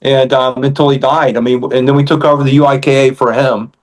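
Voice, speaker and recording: An older man, a karate instructor on a podcast, speaking in a halting way and repeating words as he recalls things. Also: mid-range voice, level tone. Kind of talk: casual chat.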